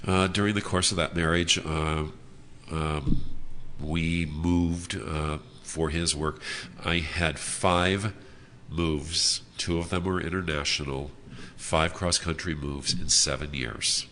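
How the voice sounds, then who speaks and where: A man with a deep voice and a forceful, bright edge shares his personal story at a convention. He talks in an earnest, halting way, often stopping on "uh" and "and, uh" between thoughts. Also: steady tone, slight background noise. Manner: halting, frequent uh fillers, earnest. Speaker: speaker sharing his story at a recovery convention. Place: hotel convention room.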